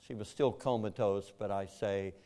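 A man's voice: lowish voice, fairly even intonation, moderate pace, mellow. A man, telling a personal story in an earnest, plainspoken way. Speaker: speaker telling his story. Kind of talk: personal testimony.

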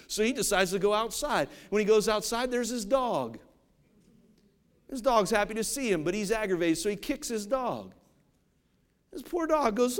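A man preaching a sermon, animated and storytelling, acting out the people in his stories. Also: high-pitched, moderate pace. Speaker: pastor.

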